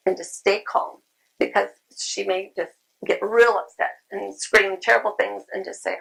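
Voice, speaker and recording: A woman's voice: mid-range voice, fairly even intonation, normal speed, creaky, bright, forceful tone, poor audio. A woman giving a conversational talk at a convention, repeating phrases and saying um often. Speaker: convention speaker. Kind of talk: conference talk. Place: convention room.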